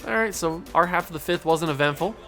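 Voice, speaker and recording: A man casually calling his own baseball video game play by play. He gets excitable, pleads with the game out loud and breaks into sudden yells. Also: a little high, fast, faint music behind. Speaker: gaming channel host.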